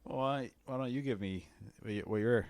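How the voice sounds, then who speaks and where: A man's voice: mid-range voice, normal speed, darkish tone. A man hosting a casual podcast chat, asking dry, teasing questions. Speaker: podcast host.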